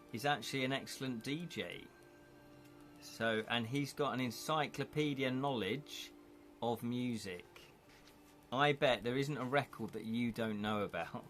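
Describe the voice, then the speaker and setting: Unhurried guy reading a choose-your-path book on stream, jokey asides, bit of hiss behind. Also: mid-range voice, fairly bright tone. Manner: chatty, laughs often, reads aloud with asides. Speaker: streamer reading an interactive gamebook. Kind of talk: live-streamed gamebook reading and viewer chat.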